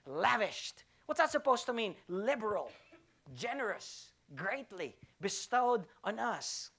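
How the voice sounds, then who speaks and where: A woman with a high voice delivers a sermon as pastor of her church. She preaches emphatically, repeating key words and putting rhetorical questions to the congregation. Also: expressive, measured pace, a bit bright.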